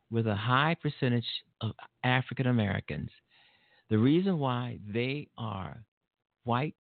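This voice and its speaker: A man's voice: mid-range voice, gravelly, no echo. Indignant man ranting on a phone line. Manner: indignant, rambling, with restarts. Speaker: radio show host. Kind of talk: opinionated radio monologue. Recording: tinny dry phone-line audio.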